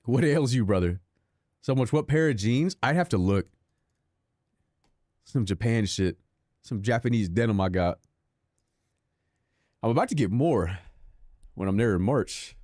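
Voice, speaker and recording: A man's voice: mid-range voice, lively intonation, a little slow, pauses often, a little mellow, no room sound, studio quality. A young man streaming a racing game, chatting with his viewers in a sarcastic, self-deprecating, rambling way. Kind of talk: casual live-stream chat while gaming.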